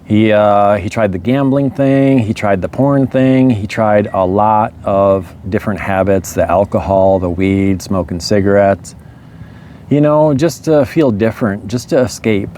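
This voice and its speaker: A man telling a story in a relaxed, rambling way, chuckling often. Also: on the low side, a little slow, slight background noise. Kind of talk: casual storytelling monologue.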